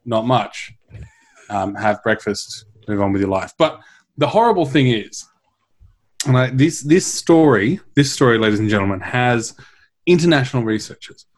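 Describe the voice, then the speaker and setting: Wry, animated man telling a story. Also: medium pitch, normal speed. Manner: wry, animated storyteller who swears and jokes. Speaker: podcast co-host telling a science story. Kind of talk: casual comedic science chat.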